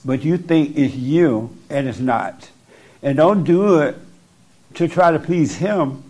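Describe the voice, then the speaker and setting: Speaking slowly into a microphone, a man with a fairly high, darkish, slightly rough voice gives blunt spiritual counsel to someone in front of him. He's insistent, driving his points home by repeating them.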